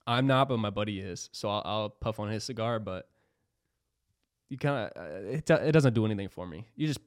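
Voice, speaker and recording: A man's voice: on the low side, fairly quick, smooth, dry recording, studio quality. A young man in casual podcast chat, laid-back and saying "bro" a lot.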